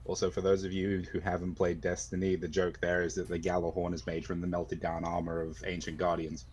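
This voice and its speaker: A man in casual voice chat who explains his points in long, deliberate sentences. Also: low voice, monotone, darkish tone, a little hiss or hum.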